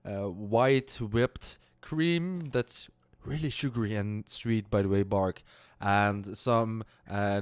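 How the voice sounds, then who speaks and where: A man with a non-native English accent narrating as game master, halting with fillers and often laughing. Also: lowish voice, clear, resonant tone, dry recording.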